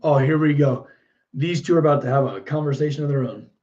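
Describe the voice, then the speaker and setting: A man hosting a casual live stream, musing aloud while painting miniatures and chatting with viewers in a relaxed way. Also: on the high side, fast talker, lo-fi sound. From United States. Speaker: livestream host painting miniatures.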